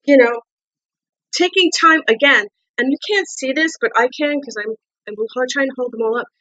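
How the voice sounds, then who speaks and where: A woman's voice: high-pitched, moderate pace, bright, forceful tone, highs cut off. A woman giving a casual tarot card reading, often repeating herself and asking coaxing questions, with an accent. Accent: non-native English accent. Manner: repetitive, restarts words, coaxing questions.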